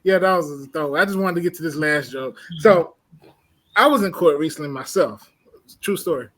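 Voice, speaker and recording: Bright high-voiced joking man. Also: normal speed, poor audio. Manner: tells jokes and stories, laughs often. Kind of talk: casual comedic chat.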